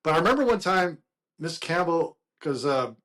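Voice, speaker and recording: Casting: middle-aged man, bar-talk guest, high voice, rambling storyteller. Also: moderate pace. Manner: rambling, laughing, quotes others in animated voices. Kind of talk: casual storytelling chat.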